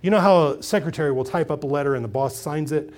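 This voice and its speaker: This middle-aged man preaches fast in a slightly high voice, keeping his sermon conversational. He is a pastor who jumps between loud emphasis and soft asides, often circling back to repeat or restart a phrase.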